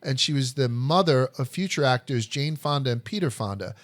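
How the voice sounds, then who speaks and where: A man's voice: medium pitch, expressive, a little fast, no echo. A man hosting a history podcast, telling stories in a blunt, profane, joking way. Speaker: podcast host. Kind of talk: casual history chat.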